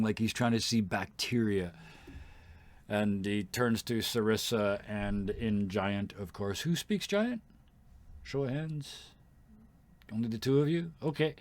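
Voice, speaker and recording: Low-voiced guy running a tabletop game, slow descriptive narrating with lots of uh. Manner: drawn-out descriptive narration with fillers. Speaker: game master.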